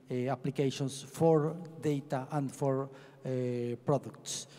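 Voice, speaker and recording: Man, agency head, mellow dark voice, halting and restarting, long hall reverb. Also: medium pitch. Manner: halting, many restarts and fillers. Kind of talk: conference speech. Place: large conference hall. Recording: echoey large hall.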